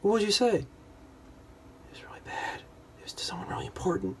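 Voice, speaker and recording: A man's voice: high-pitched, huge pitch swings, racing, slight background noise, voice pushed up. A man voicing an anxious young woman who whispers a confession to her mother. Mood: fretful. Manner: fretful, whispered. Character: anxious young woman fretting over a social blunder.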